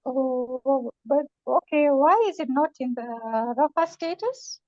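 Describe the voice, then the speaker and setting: High-voiced woman student asking questions. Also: measured pace, warm tone, no echo. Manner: asks questions tentatively. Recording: dull, dry lo-fi recording.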